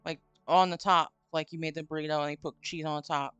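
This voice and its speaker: Woman streamer rambling on, bright crisp voice, faint spooky music behind. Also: low voice, fast talker, no echo. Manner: rambling, animated, swears. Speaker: streamer host. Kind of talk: casual chat, telling a story. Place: home stream room.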